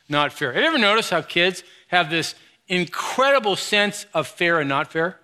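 Middle-aged guy preaching, bright punchy voice, goes quiet then loud and high, real animated. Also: moderate pace, smooth. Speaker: pastor. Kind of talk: sermon.

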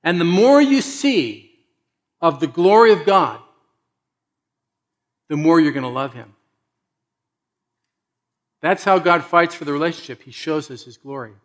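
Guy preaching a sermon, kinda high voice, gets loud then goes real quiet. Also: unhurried, long pauses. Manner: animated, swings from loud to hushed; acts out quoted voices conversationally. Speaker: pastor.

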